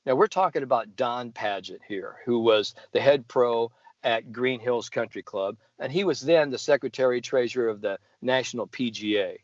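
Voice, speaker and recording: Here a man in his seventies, a sports psychologist for golf, speaks at medium pitch and moderate pace while telling a podcast story and impersonating the people he quotes. There's no echo; the sound is dry and slightly dull.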